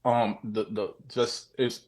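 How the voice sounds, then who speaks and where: A man's voice: on the low side, takes it slowly. A man recounts a strange sighting in a loose, casual way. He swears freely, repeats himself, and jumps into the voices of the people in his story. He is heard over a video call. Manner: profane, repetitive, animated retelling. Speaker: guest sharing a sighting.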